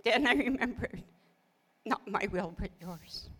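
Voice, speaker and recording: A pastor's wife in middle age, co-hosting a casual ministry talk, speaks at a measured pace in a mid-range voice that is a bit bright and husky. Earnest as she tells her story, she laughs a lot and quotes her own prayers.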